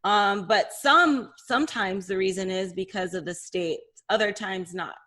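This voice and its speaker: Co-host, female, mid-pitched, sympathetic and a bit halting. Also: pushed and bright. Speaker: podcast co-host. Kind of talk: casual chat.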